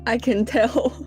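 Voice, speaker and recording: A woman chatting casually with friends, encouraging and giggly. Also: high voice. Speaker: guest. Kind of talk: casual chat.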